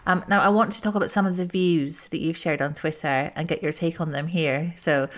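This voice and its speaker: A woman's voice: low voice, fairly even intonation, fairly quick. Chatty woman interviewer. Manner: chatty, anecdotal, agreeable. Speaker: interviewer host. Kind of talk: conversational interview.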